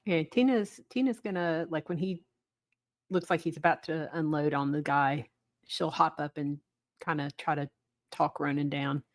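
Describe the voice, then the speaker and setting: A woman playing a tabletop role-playing game, calmly describing what her character does. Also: deep voice, moderate pace, no room sound, studio quality. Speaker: player. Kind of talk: casual chat at a game table.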